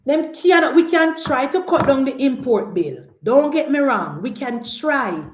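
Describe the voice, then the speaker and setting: A woman's voice: high-pitched, animated, a little slow, reverberant. A woman with a Jamaican accent giving emphatic, argumentative political commentary on a live call-in show.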